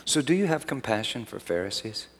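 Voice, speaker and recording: A man preaching a sermon as pastor, swinging from hushed asides to loud emphatic peaks. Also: fairly low pitch, big pitch swings, a little fast. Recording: long hall reverb.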